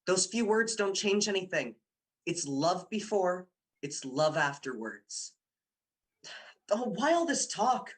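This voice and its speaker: The young man exaggerates his voice here, pitching it high and sing-song while speaking slowly. Acting in an amateur radio drama as Dick, a university student, he coaxes his girlfriend with teasing insistence.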